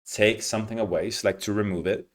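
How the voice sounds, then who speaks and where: A man teaching English pronunciation, explaining patiently and modeling words slowly with clear stress. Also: lowish voice, fairly even intonation. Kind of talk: teaching lesson, explaining reading aloud.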